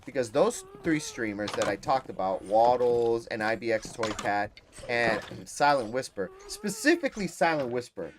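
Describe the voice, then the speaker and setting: A man's voice: mid-range voice, lively intonation, moderate pace, slight background noise. A man from Massachusetts hosting a gaming livestream, chatting casually and rambling with his viewers, switching freely into Spanish. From Massachusetts, USA. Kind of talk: casual chat with live chat viewers.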